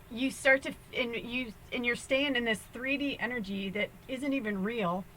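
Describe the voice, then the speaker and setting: A young woman gives a casual spiritual reading, hopping from one thought to the next and laughing along the way. Her voice is bright and forward, with a faint hiss of noise under it. She keeps a loose, chatty, rambling manner. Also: a little high, low-quality recording. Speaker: spiritual medium giving a tarot reading. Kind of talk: casual spiritual guidance talk.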